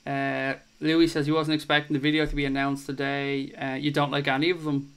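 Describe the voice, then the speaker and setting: A man's voice: a little high, flat delivery, fairly quick, a bit bright, clear, resonant tone. A young man hosting a casual football chat show, reading out viewer comments and swearing freely as he chats.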